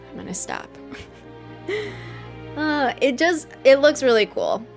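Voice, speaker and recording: A woman hosting a live stream, reacting excitedly to a game trailer, gushing and laughing often. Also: high-pitched, slow pace, creaky, pauses often, soft background music. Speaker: host.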